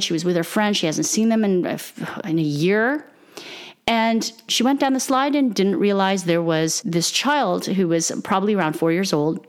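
A middle-aged mother telling a personal story in a casual monologue, acting out the people in it with big jumps in her voice. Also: lowish voice.

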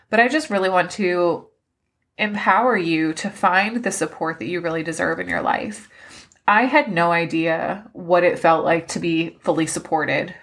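A woman's voice: on the low side, fairly bright tone. A woman hosting a podcast, giving a personal life update in a heartfelt, openly emotional way, with a loose, rambling delivery full of "like.". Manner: rambling, with many "like" fillers. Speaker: podcast host.

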